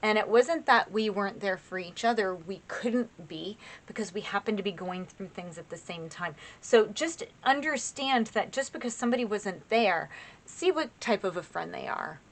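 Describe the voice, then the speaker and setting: A woman's voice: mid-range voice, animated, normal speed. A woman giving a casual spoken tarot reading, chatty and encouraging, talking straight to her viewers with loose phrasing. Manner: chatty and encouraging, addresses viewers as "you guys"; loose, with frequent fillers and restarts. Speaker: tarot reader.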